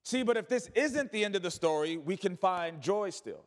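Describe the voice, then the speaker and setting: Male pastor, sermon delivery, high pitch, call-and-response with the congregation, reverberant hall. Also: expressive, normal speed. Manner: preaching with call-and-response and rhetorical questions.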